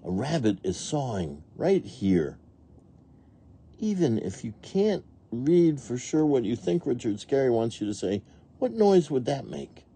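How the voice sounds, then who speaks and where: A man's voice: medium pitch, very animated, measured pace, dark tone, husky. A man reading a picture book aloud to young children, playfully imitating animal and machine sounds and asking the listeners questions. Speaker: read-along narrator.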